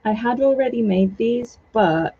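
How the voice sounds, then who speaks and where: Lady crafter rambling slow at home, husky voice, kinda dull lo-fi audio. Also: a little high, lively intonation. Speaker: doll maker. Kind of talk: casual vlog chat while crafting.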